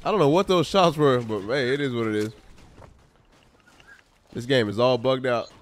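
A man's voice: mid-range voice, normal speed. A man chatting casually on a live game stream, reacting to the action and chewing food as he talks. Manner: chewing food while talking. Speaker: gaming streamer. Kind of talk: casual live-stream chat while gaming.

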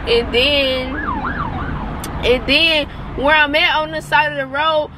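A woman's voice: sits high, fairly even intonation, slow pace, background noise. A young woman vlogging from her car, frustrated and tearful, swearing and rambling as she talks. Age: young adult. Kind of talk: casual vlog rant. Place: parked car by roadside.

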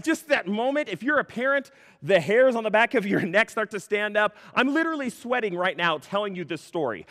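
Animated man preaching in a reverberant hall. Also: sits high. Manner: animated, laughing storyteller with mock outrage. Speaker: pastor. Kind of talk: sermon.

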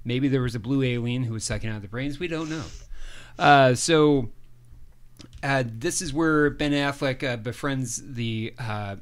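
A man's voice: mid-range voice, a little slow, clear, resonant tone. A man co-hosting a podcast, casually recapping a film's plot and acting out the characters' lines. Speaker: podcast co-host. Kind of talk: casual movie review chat.

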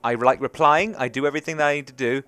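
A man's voice: medium pitch, fairly even intonation, quick pace, bright, forceful tone. A young man with an English accent, rambling and talking to himself as he comments on his own gameplay. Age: young adult. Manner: chatty, rambling, self-talking. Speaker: gaming commentator. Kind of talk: casual let's play commentary.

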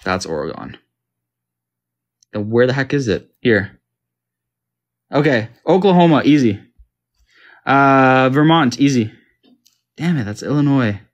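Man from Canada, unhurried, puzzled self-talk over a game; mouse clicks behind. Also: mid-range voice, animated. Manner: confused, self-talking, joking. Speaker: gamer. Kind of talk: casual gaming commentary.

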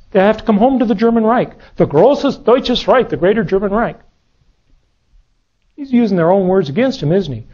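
A man's voice: high-pitched, a little mellow. A man giving a history lecture in a storytelling, conversational way, often asking his audience questions. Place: lecture room. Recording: dull lo-fi lecture recording.

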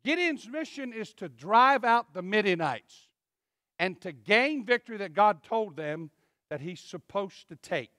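Male pastor, bright and forceful sermon voice, dry sound, emphatic. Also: high-pitched, lively intonation, a little slow, no echo. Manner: emphatic, swinging from loud to hushed. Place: church.

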